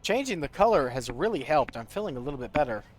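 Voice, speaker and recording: A young man streams a video game on a studio desk mic, rambling through gear stats in casual commentary and joking about his own voice as he talks to chat. He's a fast talker with a slightly high, sing-song voice, and soft background music plays.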